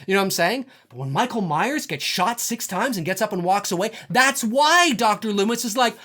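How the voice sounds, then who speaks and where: A man's voice: sits high, lively intonation, brisk, bright, forceful tone. A man delivering an unscripted, profane film rant, emphatic and full of fillers. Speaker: film commentator.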